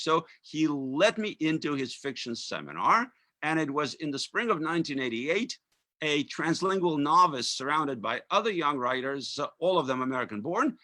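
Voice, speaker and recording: A man in his fifties from Russia with a Russian accent, giving a lecture that mixes reading with remarks, measured and full of uh fillers. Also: medium pitch, pushed and bright, dry recording. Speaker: author giving a talk.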